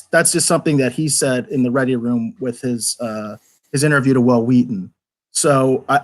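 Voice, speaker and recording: Animated man reviewing with exasperation. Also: on the high side. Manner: rambling, repeats words when restarting. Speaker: podcast reviewer. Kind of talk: casual review chat.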